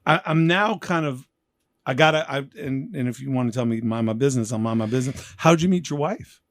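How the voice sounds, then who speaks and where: A man in his fifties from New York, hosting a casual interview and telling animated, joking stories. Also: mid-range voice, fairly quick, no room sound, clean studio sound. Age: 50s. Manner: animated, joking storyteller who acts out quotes. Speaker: podcast host.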